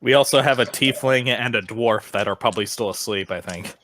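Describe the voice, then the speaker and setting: A man's voice: medium pitch, brisk, bright, forceful tone. A man playing a tabletop game, describing his actions in a hesitant, stammering way. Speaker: player.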